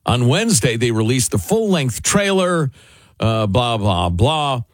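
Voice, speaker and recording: A man co-hosting a talk radio show, chatting in an animated way about a documentary. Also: medium pitch, measured pace, no echo. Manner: animated, laughs while mocking. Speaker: radio co-host. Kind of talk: casual talk radio banter.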